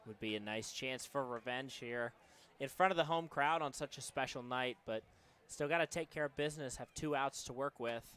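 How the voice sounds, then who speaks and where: A man's voice: medium pitch, normal speed, a bit bright, clean tone. A young man giving baseball color commentary from an outdoor ballpark booth, conversational and earnest. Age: young adult.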